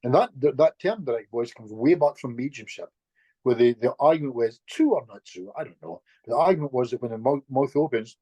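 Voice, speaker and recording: A middle-aged man, a guest healer, telling stories in a lively, chatty way with chuckles and restarts. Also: medium pitch, brisk, no echo. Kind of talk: casual storytelling in conversation.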